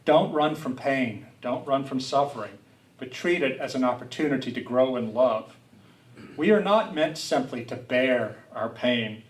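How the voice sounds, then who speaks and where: A man's voice: mid-range voice, lively intonation, a little slow, recorded from a distance. A middle-aged man from south Louisiana giving a personal, reflective lecture, speaking earnestly and restarting his sentences now and then. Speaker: public speaker. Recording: roomy hall, speaker away from the mic.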